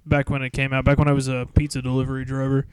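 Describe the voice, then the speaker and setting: A man's voice: medium pitch, monotone, rapid-fire, background noise. A young man co-hosting a casual podcast, joking, laughing often and swearing freely. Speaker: podcast co-host.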